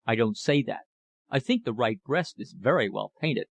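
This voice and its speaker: A man's voice: medium pitch, expressive, normal speed, vocal fry, dry recording. A man reading the part of a dashing, argumentative young American in an audiobook. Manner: argumentative, self-assured.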